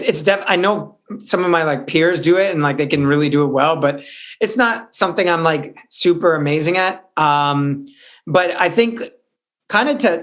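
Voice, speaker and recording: A man with a fairly high speaking voice, a hip-hop artist on a radio talk show. He speaks casually and feels his way through his answers, restarting and filling with "like" as he thinks. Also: fairly bright tone. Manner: loose and searching, many "like"s and restarts.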